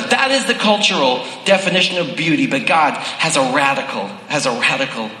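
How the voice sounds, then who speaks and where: A man's voice: a little high, sharp tone. A man preaching a sermon, speaking directly to the congregation in a large hall. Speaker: pastor. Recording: echoey hall with long reverb.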